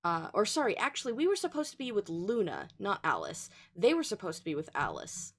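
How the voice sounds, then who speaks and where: A woman's voice: mid-range voice, wildly swooping pitch, a little fast. A woman hosting a livestream, casually recapping the story so far with lots of ums and laughs. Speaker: stream host recapping a game. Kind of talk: casual let's play chat.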